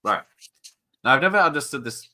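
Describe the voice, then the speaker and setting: A man's voice: mid-range voice, lively intonation, a little fast, pushed and bright. A man hosting a watch-party stream, chatting and joking through rambling tangents. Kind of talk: casual live-stream commentary.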